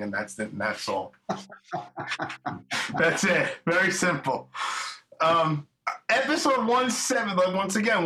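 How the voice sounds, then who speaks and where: A middle-aged podcast host with a bright, forceful voice pitched a little high. He rambles along in chummy, profane chat. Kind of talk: casual interview chat.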